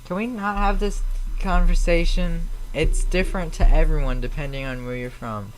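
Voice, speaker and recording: A man's voice: fairly high pitch, normal speed, a little hiss or hum, poor audio. A man with a Chicago accent, chatting casually on a live flight-sim stream and answering viewers in a rambling, slightly defensive way. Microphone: streaming mic.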